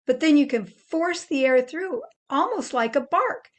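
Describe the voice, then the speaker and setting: An older woman gently teaching children how to make animal sounds, explaining each step patiently. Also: sits high, expressive, a little slow. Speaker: children's presenter.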